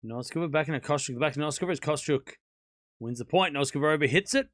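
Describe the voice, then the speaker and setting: Male streamer host, casual live tennis play-by-play, bright and forceful tone, dry close sound; calls the points, then chats with viewers between rallies. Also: a little high, quick pace, no room sound.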